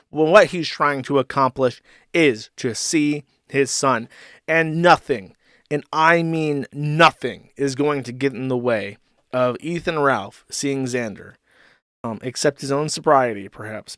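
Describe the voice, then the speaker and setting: A man's voice: mid-range voice, a bit bright, no echo, clean studio sound. A man hosting an online commentary show, talking casually with a sarcastic, mocking edge and plenty of swearing.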